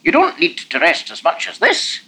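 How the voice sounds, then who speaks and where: A man's voice: on the high side, huge pitch swings, normal speed, creaky, bright, forceful tone, husky, pitched above the performer's own voice, full character voice, low-quality recording. A man reading as a patient, weary grown man. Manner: patient but easily irritated.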